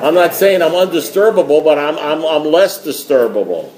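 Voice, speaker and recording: A man's voice: on the high side, animated, normal speed, a little mellow, roomy sound. A man telling a rambling, joking story at a recovery meeting. He repeats himself as he goes.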